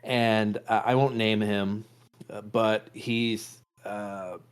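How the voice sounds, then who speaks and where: A man's voice: fairly low pitch, level tone, takes it slowly, clean tone. A man in his thirties, a podcast co-host and dad, telling a rambling self-deprecating story with restarts and swearing. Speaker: improv performer and dad. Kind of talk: casual storytelling chat.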